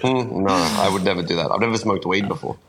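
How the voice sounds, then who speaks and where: A stoned man on a phone call, talking slowly and losing his train of thought. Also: sits low, noisy background. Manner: drowsy, slow, rambling, loses his train of thought. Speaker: musician guest on phone call. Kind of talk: casual phone chat.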